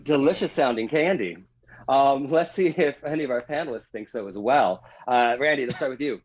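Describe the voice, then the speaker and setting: A man hosting a comedy panel game. He chuckles often, keeps an upbeat tone and reads each question out slowly. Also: mid-range voice, poor audio. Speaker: game show host.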